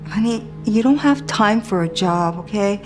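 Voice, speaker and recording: Woman playing a supportive mom, soft reassuring tone, drama clip. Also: mid-range voice, animated, normal speed, music in the background, lightly acted. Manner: warm, reassuring. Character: caring mother of a teenage girl. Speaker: mother. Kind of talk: scripted drama acting.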